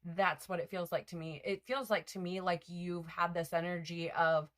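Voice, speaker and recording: A woman's voice: fairly low pitch, flat delivery, normal speed. A woman giving a casual spiritual card reading, rambling with lots of fillers and self-corrections. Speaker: tarot reader.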